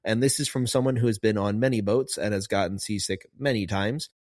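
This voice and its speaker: A man's voice: on the low side, brisk, a little mellow, no room sound, clean studio sound. Chatty man rambling on a podcast. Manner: chatty, rambling, many fillers. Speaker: podcast host, marine biologist. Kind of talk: casual podcast commentary.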